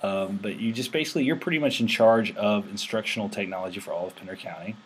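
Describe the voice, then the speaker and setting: A man's voice: lowish voice, fast, husky. A man hosting a casual tech show, rambling with lots of fillers and restarts. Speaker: host. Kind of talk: casual screen-recorded tech chat.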